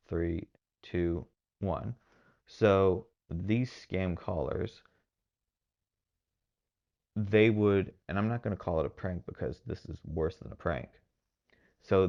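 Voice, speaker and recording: A man's voice: sits low, gravelly, darkish tone, dull audio. A man from Texas hosting a podcast, giving rambling casual commentary with lots of fillers and hedges. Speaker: podcast host.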